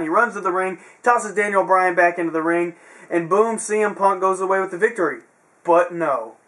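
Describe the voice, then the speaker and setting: A man's voice: sits high, fairly bright tone. A young man casually recapping a wrestling show, chatty, with sarcastic asides and frequent fillers.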